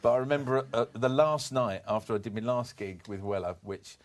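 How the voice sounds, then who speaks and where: A man in his fifties telling stories on a podcast, animated, with many restarts and bursts of laughter. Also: mid-range voice, brisk. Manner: animated anecdote-telling, jumps into comic voices for quoted people. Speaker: podcast guest, former performance poet. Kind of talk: casual storytelling chat.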